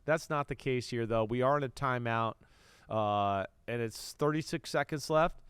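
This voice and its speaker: A man co-hosting a casual football podcast, breaking down plays and getting excitable when he calls live action. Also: medium pitch, normal speed, smooth, no room sound. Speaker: podcast host, former NFL quarterback.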